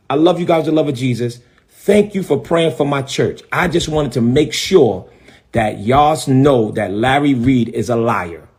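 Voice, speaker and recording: This middle-aged man, a bishop who also preaches, speaks at medium pitch and a normal speed with a darkish timbre. Ranting defiantly over a live stream, he says things again and again to drive them home.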